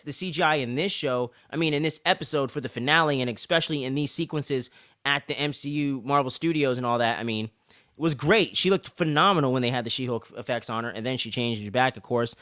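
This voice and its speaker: A man co-hosting a casual review show, rambling and swearing as an excited fan. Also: mid-range voice, no room sound, studio quality. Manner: rambling, profane, excitable fan talk with many fillers. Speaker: podcast co-host reviewing an episode.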